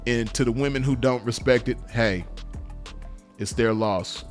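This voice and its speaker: A man's voice: mid-range voice, measured pace, soft background music. A man, speaking in a blunt, profane, repetitive unscripted monologue to camera. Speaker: vlogger.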